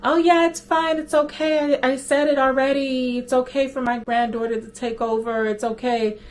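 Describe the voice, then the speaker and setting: A woman doing a put-on grandma voice, high and fussy. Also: level tone, normal speed, lightly acted. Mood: insistent. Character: old grandma woman faked by a young scam caller, flustered, stalling.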